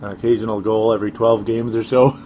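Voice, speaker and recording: A man's voice: fairly low pitch, lively intonation, normal speed, mellow, a little hiss or hum. A man co-hosting a sports talk show, rambling casually with chuckles and sarcastic asides.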